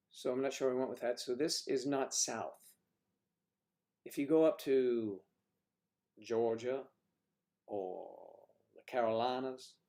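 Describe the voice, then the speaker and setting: A northern American man runs a relaxed livestream, reading viewers' comments aloud and answering them with jokes and chatter. His voice is warm and mid-range.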